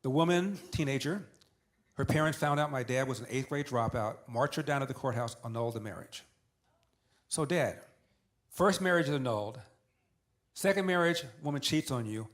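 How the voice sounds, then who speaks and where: Older man, interview guest, animated storyteller, acts out dialogue, repeats for emphasis. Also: medium pitch, normal speed. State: tearing up.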